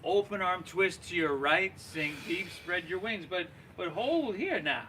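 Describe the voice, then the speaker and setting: Bright-voiced male yoga instructor. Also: high-pitched, measured pace, slight background noise. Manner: encouraging, cueing breaths and poses; relaxed, folksy, says y'all. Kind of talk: guiding a live yoga class.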